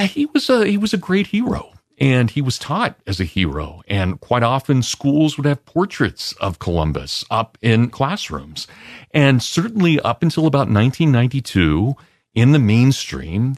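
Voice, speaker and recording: Low-voiced man lecturing as interview guest. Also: dry recording, clean studio sound. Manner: expansive, lecturing, lively emphasis. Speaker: guest historian. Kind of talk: radio interview answers.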